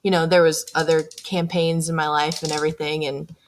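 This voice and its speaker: A woman's voice: sits low, flat delivery, fairly quick. A young woman co-hosting a podcast, talking casually about her game character, chatty, with frequent laughs and fillers. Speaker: podcast co-host. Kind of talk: casual chat.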